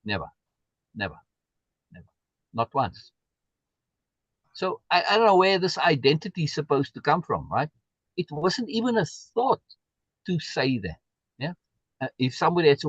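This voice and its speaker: A man's voice: on the high side, very animated, moderate pace, long pauses, husky, dry recording, muffled recording. A man hosting a live stream, talking in an emphatic way and repeating words for stress as he answers viewer comments. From South Africa. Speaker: livestream host.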